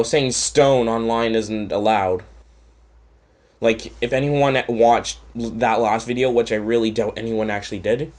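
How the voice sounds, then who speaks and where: A man from Canada rants through a casual storytime, rambling and cursing freely. His tone is sarcastic, with a pitch that sits in the middle. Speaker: channel host.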